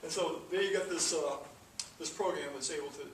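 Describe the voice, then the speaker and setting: Man teaching coding, a touch high, distant mic in a roomy classroom. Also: a little fast. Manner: rambling, with fillers and restarts. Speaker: programming teacher. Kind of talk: classroom lecture. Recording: echoey room from far off, noisy.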